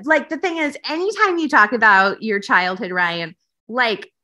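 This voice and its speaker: A woman's voice: on the high side, expressive, normal speed, sharp tone. A woman guesting on a podcast, teasing the host in casual chat, sarcastic and swearing freely.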